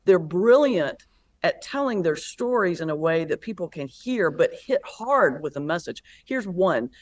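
A woman pastor and comedian, a guest in an interview, telling stories in a lively, animated way. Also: fairly low pitch, a little slow. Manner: animated storyteller, lively retelling with laughs. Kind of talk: conversational interview.

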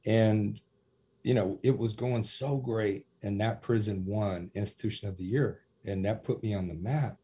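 A man in ministry telling lively stories in a podcast interview, acting out what people said. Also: fairly low pitch, moderate pace, breathy edge. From USA. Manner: animated storyteller, acts out quotes with laughs. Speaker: prison minister.

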